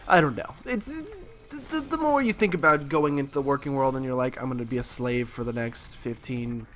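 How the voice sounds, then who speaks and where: A young man in college rambling with sarcasm and lots of fillers while commenting on his gameplay as a let's play host, his voice a bit husky. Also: medium pitch, animated, a little fast, fairly bright tone. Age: young adult. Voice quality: slightly husky.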